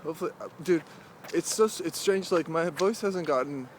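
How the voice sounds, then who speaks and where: A young man talking casually to the camera as he walks outdoors through a cemetery, rambling and halting, with many "like"s and restarts. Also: a little high, slight background noise. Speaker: vlogger. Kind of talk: casual walking vlog monologue.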